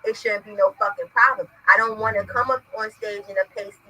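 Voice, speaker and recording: A woman's voice: medium pitch, quick pace, bright, forceful tone, slightly rough, rough recording. A young adult woman hosting a casual chat on a video call from home. She talks bluntly and profanely, often asking "you understand?". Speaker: host.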